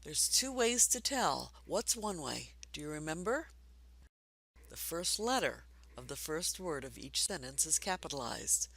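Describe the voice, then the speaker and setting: A woman teaching a basic reading lesson for adults, patient and encouraging, speaking slowly and clearly. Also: low-pitched, big pitch swings, a bit bright, no room sound.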